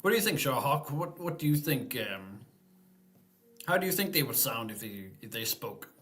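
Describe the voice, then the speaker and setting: A man's voice: medium pitch, very animated, moderate pace, a bit bright. Easygoing man hosting a live stream. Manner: easygoing, rambling, thinks aloud with fillers. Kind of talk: casual live-stream Q&A chat.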